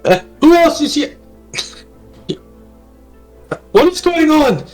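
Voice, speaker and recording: A man's voice: a little high, moderate pace, fairly bright tone, faint music behind. A man voicing a large, stern bear-folk woman who leads the guards, barking orders. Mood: bewildered.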